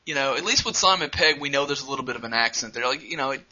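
A man's voice: mid-range voice, lively intonation, rapid-fire, pushed and bright. A man co-hosting a podcast in casual chat, rambling and profane, with many restarts. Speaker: podcast co-host. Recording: muffled lo-fi audio.

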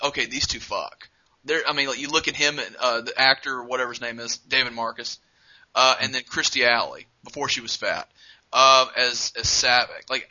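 A man's voice: mid-range voice, pushed and bright. A man co-hosting a podcast in casual chat, rambling and profane, with many restarts. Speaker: podcast co-host. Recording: muffled lo-fi audio.

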